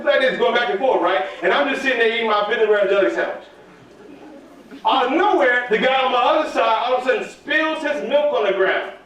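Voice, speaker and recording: A man giving a lively storytelling talk to a live student audience and calling out for their answers. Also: extremely high pitch, fast talker, dull audio. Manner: animated, calls for audience answers. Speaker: motivational speaker at student workshop. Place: large hall at a live event. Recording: echoey hall from far off.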